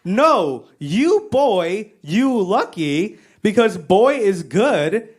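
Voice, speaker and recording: A woman's voice: medium pitch, big pitch swings, drawn-out words, breathy edge, heavily acted. A comedian doing her mother as a stubborn immigrant mom who insists in clipped, broken English. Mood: insistent. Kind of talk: stand-up comedy impression.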